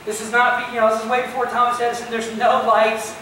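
Animated pastor preaching in an echoey hall. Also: male voice, very high voice, quick pace, slight background noise. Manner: conversational, animated retelling with acted-out asides. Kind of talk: sermon. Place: church sanctuary. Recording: echoey church hall, voice from far off.

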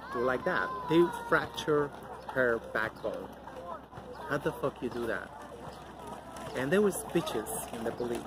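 Blunt middle-aged man over loud traffic. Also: medium pitch. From Mexico. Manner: blunt, outspoken, rambling with many fillers. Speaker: vlogger. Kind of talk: casual outdoor vlog rant. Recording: loud outdoor traffic noise.

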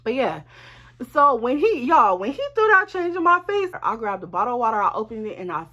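Animated woman telling a storytime. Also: on the high side, fairly quick, muffled recording. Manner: animated, profane, talks straight to viewers. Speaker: vlogger. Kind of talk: casual storytime.

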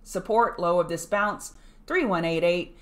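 A woman hosting a pre-market trading show, talking through charts in a chatty, self-deprecating way with lively asides. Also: on the low side, a little slow. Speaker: market analyst host. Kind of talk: casual market commentary.

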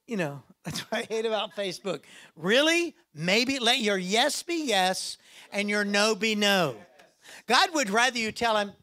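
A man's voice: high-pitched, animated, normal speed, pushed and bright. A man preaching a sermon to a congregation, playful and self-mocking, often acting out quoted voices. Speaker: pastor.

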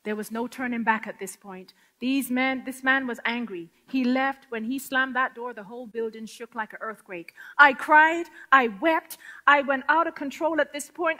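A woman giving an impassioned testimony to a women's gathering, swinging from hushed whispers to loud, tearful outcries. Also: high-pitched, fairly even intonation, moderate pace. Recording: long hall reverb.

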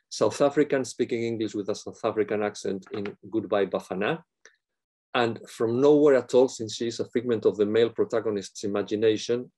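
A middle-aged man delivering an academic plenary lecture, reading a prepared text in a measured way with occasional fillers and restarts. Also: lowish voice, warm tone.

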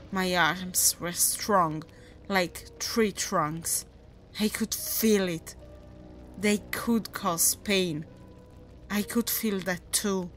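A woman narrating a first-person horror story in a measured, deliberate way. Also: fairly low pitch, steady tone, a bit bright, soft background music, low-quality recording.

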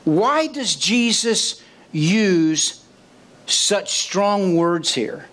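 A man's voice: high voice, expressive, extremely slow, fairly bright tone. A man preaching a sermon as pastor, asking the congregation questions and acting out quoted voices. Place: church sanctuary.

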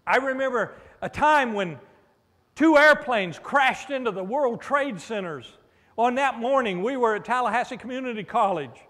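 High-voiced preacher in a reverberant hall. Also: male voice, animated, moderate pace, sharp tone. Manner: preacherly, with call-and-response "amen?" and playful asides. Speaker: pastor. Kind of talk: sermon. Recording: long reverb of a large hall.

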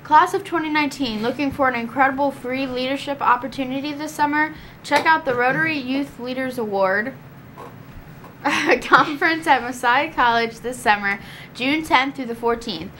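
A woman reading school announcements in a steady, informative way. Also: high voice, normal speed, a little hiss or hum.

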